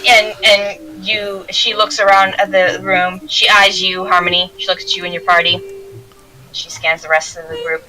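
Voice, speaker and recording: A woman's voice: mid-range voice, flat delivery, moderate pace, over music, rough recording. A woman narrating as game master in a tabletop game, rambling with restarts. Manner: rambling, many restarts and fillers.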